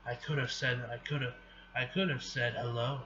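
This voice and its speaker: A man's voice: mid-range voice, steady tone, moderate pace, pushed and bright, natural voice. A man reading the lines of a roguish male thief with a laid-back, guarded drawl, from a dull lo-fi recording. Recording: dull lo-fi recording with faint hiss.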